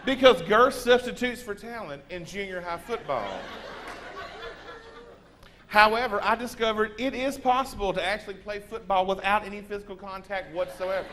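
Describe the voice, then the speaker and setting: A man in his forties with a Texan accent, giving a comic storytelling speech in a lively, self-mocking drawl. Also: sits high, moderate pace, a little hiss or hum. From Texas. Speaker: humorous speaker.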